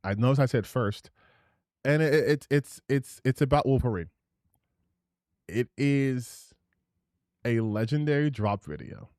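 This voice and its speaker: Animated sarcastic male streamer, dry sound. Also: medium pitch, unhurried, long pauses, dry recording. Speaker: streamer reacting to a video. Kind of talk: casual reaction commentary.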